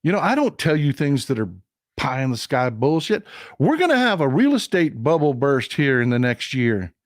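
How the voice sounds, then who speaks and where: A man's voice: medium pitch, sing-song, moderate pace, dry recording, studio quality. A man hosting a political commentary livestream, talking bluntly and emphatically, repeating short phrases for weight and thanking viewers who send donations. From Texas. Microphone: streaming setup mic.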